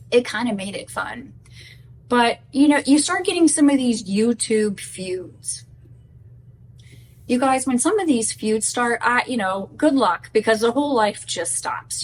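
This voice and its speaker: A woman telling animated, casual stories to camera about life with her YouTuber husband, with quick asides. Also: fairly high pitch, recorded from a distance, slight background noise, low-quality recording. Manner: animated, quick asides, acts out quoted exchanges. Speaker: wife of a YouTuber.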